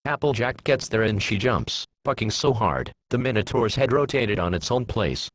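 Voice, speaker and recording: A man reading a fan story aloud, giving the characters lowered voices. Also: expressive, moderate pace, fairly bright tone, slight background noise, poor audio. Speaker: fan fiction reader.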